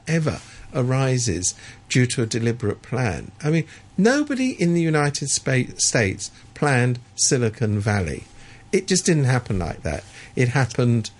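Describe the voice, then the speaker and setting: Guy ranting about policy, gravelly husky voice, sarcastic, keeps restarting words. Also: medium pitch, animated, normal speed. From Hong Kong resident. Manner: sardonic, emphatic, many restarts. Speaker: political commentator. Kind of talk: opinionated discussion.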